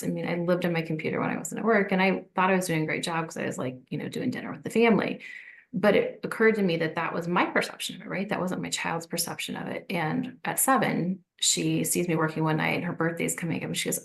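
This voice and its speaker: Gravelly-voiced woman doctor telling a story. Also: on the low side, a little fast. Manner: reflective storytelling. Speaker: obesity medicine physician, podcast guest. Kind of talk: casual podcast conversation.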